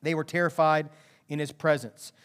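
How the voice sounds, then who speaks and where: Pastor in the pulpit, male, higher register, tells the story with lively, emphatic energy. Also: normal speed, clean tone. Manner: animated, emphatic storytelling with asides. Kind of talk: sermon.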